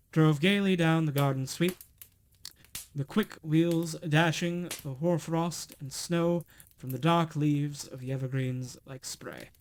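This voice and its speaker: Guy reading a christmas story out loud, kinda high voice, trips on words sometimes. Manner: expressive, occasional stumbles and self-corrections. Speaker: streamer reading aloud.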